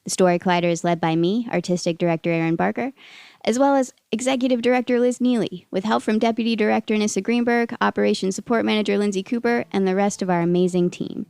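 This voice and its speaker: A woman hosting a podcast, reading a measured scripted outro and credits. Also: mid-range voice, vocal fry, darkish tone, clear, resonant tone, no echo. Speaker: podcast host.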